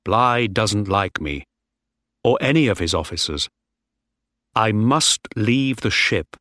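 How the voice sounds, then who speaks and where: A man's voice: lowish voice, expressive, takes it slowly, bright, forceful tone, dry recording, studio quality, heavily acted. A man voicing a desperate ship officer who turns into a determined mutineer. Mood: despairing. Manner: tense, determined.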